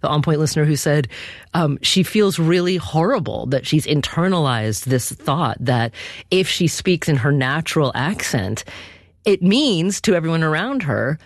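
A radio talk show host leads the conversation and introduces callers. The voice is engaged, conversational and emphatic, of middle pitch, and recorded dry in a studio. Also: lively intonation, moderate pace, no echo.

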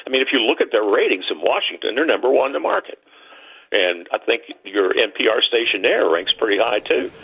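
A man with a gravelly, somewhat husky voice makes his case over a tinny phone line. His pitch swings widely as he hammers his points home and repeats them for emphasis. He sounds like a guest calling in from home. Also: lively intonation, brisk. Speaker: guest, former radio executive. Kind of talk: casual interview over the phone. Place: home with a dog nearby.

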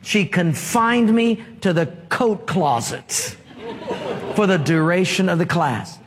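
A pastor preaching through stories and questions tossed back to the congregation. His voice is high for a man and his pace unhurried. A long hall reverb trails every phrase. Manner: storytelling, asks the congregation questions. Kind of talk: sermon.

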